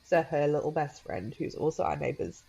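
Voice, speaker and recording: A woman's voice: deep voice, normal speed, creaky, warm tone, slightly rough, muffled recording. A woman in her thirties, a podcast guest, telling a personal story in a chatty way with many fillers and laughs, often quoting her young daughter in a raised voice.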